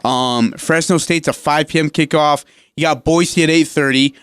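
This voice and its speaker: A man's voice: a little high, steady tone, moderate pace, fairly bright tone, clean tone, no room sound, clean studio sound. A man co-hosting a sports radio show, talking casually with emphatic, opinionated energy.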